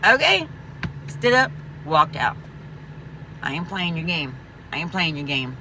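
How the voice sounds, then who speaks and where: A woman's voice: deep voice, big pitch swings, unhurried, pushed and bright, slight background noise. A woman vlogging an angry, profane rant, emphatic and rambling, full of restarts. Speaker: veteran vlogger.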